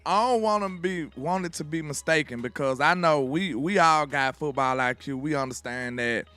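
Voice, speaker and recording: A man's voice: a little high, normal speed, pushed and bright, soft background music. A man from Alabama, hosting casual sports talk and building emphatically on the others' points. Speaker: sports podcast host.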